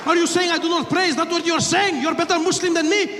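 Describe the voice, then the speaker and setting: Guy putting on a jittery clumsy hijacker, high pleading voice, echoey room. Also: rapid-fire, background noise. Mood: defensive. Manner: pleading, defensive, apologetic. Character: nervous clumsy male would-be hijacker.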